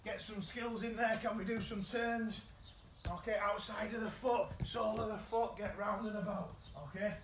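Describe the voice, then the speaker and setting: A man with a British accent coaching children's football in a live online session, giving energetic, encouraging instructions. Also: high-pitched, normal speed, roomy sound, background noise. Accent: British English. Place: indoors at home.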